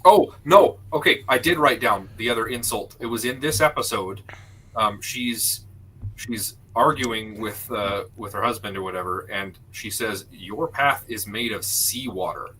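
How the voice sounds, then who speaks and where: A man's voice: on the low side, normal speed, sharp tone, slightly rough, poor audio. A man taking part as a guest in a casual panel chat, agreeable and wry.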